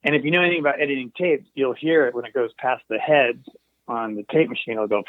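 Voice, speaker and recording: A man's voice: medium pitch, fast talker, no room sound. A man guesting as a recording engineer, telling casual stories in a meandering way, full of asides and restarts. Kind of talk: casual anecdotal storytelling. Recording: tinny phone-like call line.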